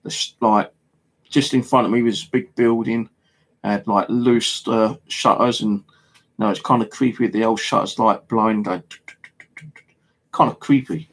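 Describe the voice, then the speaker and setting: Low gravelly English bloke, casual storytelling vlogger, loose and rambling, lots of fillers and swearing. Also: male voice, fairly even intonation, normal speed, pauses often. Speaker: paranormal vlogger. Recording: home video monologue.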